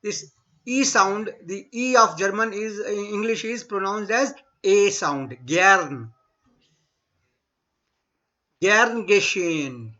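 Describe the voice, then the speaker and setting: A man teaching a German class online, speaking slowly and repeating words for students to echo. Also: sits high, a bit bright. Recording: dull lo-fi online class audio.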